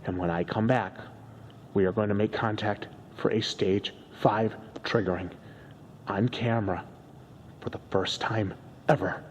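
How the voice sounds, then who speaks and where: A bossy man co-hosts a comedy ghost-hunt skit in a lowish voice. A faint hiss runs under him. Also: steady tone, measured pace, long reverb tail. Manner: bossy, insistent.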